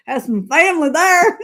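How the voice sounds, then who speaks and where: A woman with a light Southern US drawl hosting a casual live chat, talkative and quick to laugh at herself, heard over a video call. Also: very high voice, a bit bright. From Southern United States. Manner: chatty, laughs often, self-mocking. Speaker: host.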